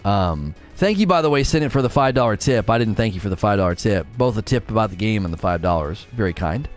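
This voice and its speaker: A man's voice: lowish voice, expressive, soft background music. Chatty male game streamer. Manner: chatty, reads viewer comments aloud and answers them; sometimes talks very fast. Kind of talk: casual live-stream chat while gaming.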